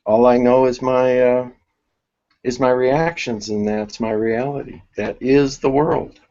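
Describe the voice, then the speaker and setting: Slow, halting man teaching a workshop. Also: medium pitch, flat delivery, warm tone, muffled recording. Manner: halting, thinks aloud with many restarts. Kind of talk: spiritual workshop lecture.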